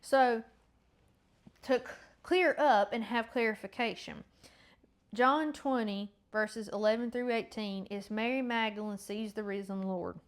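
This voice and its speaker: A woman's voice: fairly high pitch, measured pace. Chatty woman hosting a faith podcast. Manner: rambling, self-correcting, chatty. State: congested. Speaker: podcast host. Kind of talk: casual faith chat and Bible reading.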